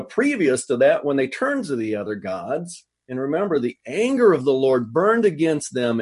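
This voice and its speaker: A man's voice: fairly high pitch, a little mellow, husky. A man preaching a sermon, reading scripture and paraphrasing it with earnest, rising intensity. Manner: earnest, voices God's lines with rising intensity. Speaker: pastor.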